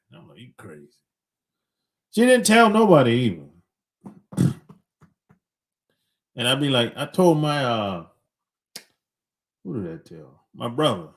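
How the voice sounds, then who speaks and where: Slow, laid-back middle-aged man, lively pitch. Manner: laid-back, chuckles between points, blunt slang. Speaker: podcast host. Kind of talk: casual opinionated monologue.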